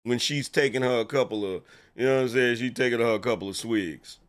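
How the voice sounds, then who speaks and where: A man's voice: mid-range voice, fairly quick, clean tone. A man giving mocking, sarcastic online political commentary that rambles and stammers through restarts.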